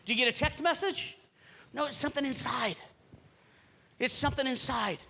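A man's voice: extremely high pitch, normal speed, creaky, sharp tone, husky. A man preaching a fervent sermon as pastor, repeating phrases and urging the congregation on.

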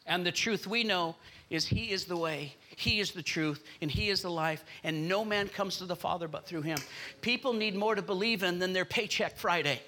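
A man's voice: sits high, normal speed, pushed and bright. A man preaching a sermon as pastor in a church, emphatic and calling out to the congregation for responses.

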